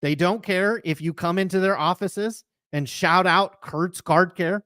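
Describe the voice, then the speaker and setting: A man's voice: sits high, normal speed, few pauses, a bit bright, no echo, studio quality. A man hosting a live sports card talk show, chatting in an emphatic, rambling way that piles up comparisons. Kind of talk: casual opinionated chat.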